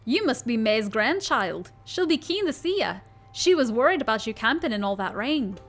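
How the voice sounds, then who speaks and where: A woman's voice: very animated, normal speed, a bit bright, faint music behind, full character voice. A woman doing a hearty Scottish man in a kilt. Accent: Scottish, put on. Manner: hearty, booming, self-consciously hammy.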